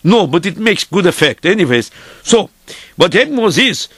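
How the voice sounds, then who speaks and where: A weary, good-hearted peasant horseman spins his tale in broken English, as a man acts him out. The voice sits high and swings widely, full of drama. It sounds close and dry. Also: sing-song, normal speed, fairly bright tone, husky, dry recording, full character voice. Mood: lively. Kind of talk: theatrical storytelling.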